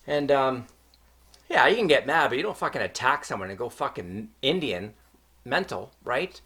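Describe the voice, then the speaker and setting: A middle-aged man from Canada vents straight to his own vlog, swearing constantly in a heated, ranting way. His voice sits at an ordinary middle pitch, and he talks like he is telling a personal story to a friend. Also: sing-song, normal speed, sharp tone, breathy edge. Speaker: vlogger.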